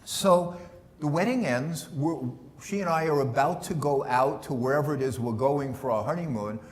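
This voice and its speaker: A man's voice: a little high, normal speed. A middle-aged man giving a humorous talk to an audience, joking in a loose, conversational way. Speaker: speaker.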